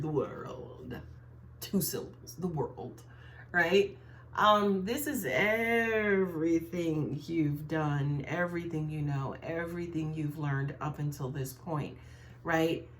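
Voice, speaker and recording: A woman's voice: sits low, slow pace, slight background noise. A woman giving a casual tarot reading to viewers, talking in a chatty way and often tagging her sentences with "right?". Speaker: tarot reader.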